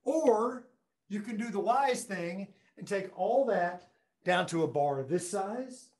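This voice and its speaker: A man's voice: sits high, animated, slow pace, a little mellow. A man presenting a live webinar from his classroom, joking and talking straight to viewers as he demonstrates the equipment. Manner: enthusiastic, joking, talks to viewers directly. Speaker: education technology presenter. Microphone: room conference microphones at a distance. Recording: echoey classroom audio.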